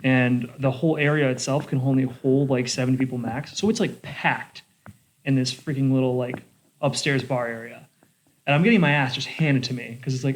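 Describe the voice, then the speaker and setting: A young adult man telling a bar story in casual chat, animated and swearing a lot, with lots of "like". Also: medium pitch, fairly quick. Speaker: bartender podcast host.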